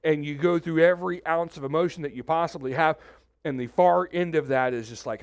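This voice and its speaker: A man preaching a conversational sermon as pastor, animated, acting out quoted voices, with many restarts. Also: fairly high pitch, fairly quick, dry recording, clean studio sound. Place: church suite, indoors.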